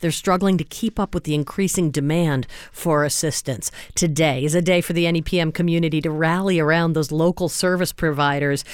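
Low-voiced, smooth woman radio host. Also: steady tone, no echo. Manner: earnest, pleading, spells out web address slowly. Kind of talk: public radio fundraising appeal. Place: radio studio. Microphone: studio microphone.

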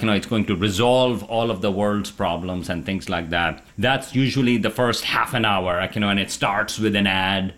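Low-voiced man, halting and thoughtful. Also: a bit bright. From Pakistan. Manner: thoughtful, many fillers and restarts. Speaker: astronomer guest. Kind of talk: casual radio interview. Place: home kitchen table.

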